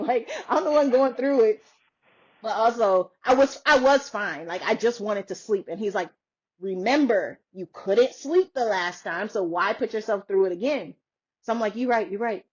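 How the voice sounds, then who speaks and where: Unhurried and a little high in pitch, this woman podcaster chats casually while telling a story full of laughter. She gets animated and performs what others said in their voices. The recording is dull and lo-fi.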